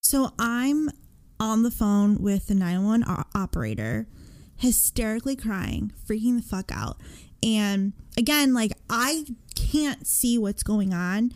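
A woman co-hosting a podcast, casually recounting a frightening event in an emphatic, expressive way. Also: fairly high pitch, measured pace. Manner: emphatic, expressive, swears freely. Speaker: podcast co-host. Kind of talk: casual storytelling chat.

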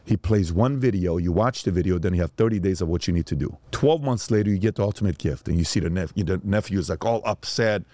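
A man's voice: low-pitched, fast talker, few pauses, mellow, no room sound. A man, a father, telling stories as a podcast guest and acting out the voices of the people in them. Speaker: father of young sons. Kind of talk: animated storytelling.

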